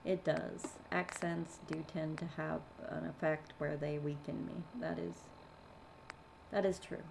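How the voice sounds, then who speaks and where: A chatty Canadian woman in her thirties streams a game, talking casually and reading out viewer messages. Her voice sits a bit low. Loud game sound plays behind her. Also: flat delivery, unhurried, creaky, noisy background. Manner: chatty, reads viewer chat aloud. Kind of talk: casual chat while gaming.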